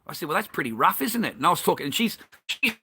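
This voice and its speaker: An Australian man vents in a fiery, profane monologue, circling back over the same complaints. His voice sits a little high and rings bright and forceful. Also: big pitch swings, quick pace, slight background noise. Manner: profane, heated and repetitive. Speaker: vlogger. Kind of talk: angry ranting monologue.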